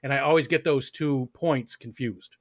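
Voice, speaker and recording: Man, host, relaxed, agreeable, dry close sound. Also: mid-range voice, normal speed, no room sound. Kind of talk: casual chat. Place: near Lake Ontario.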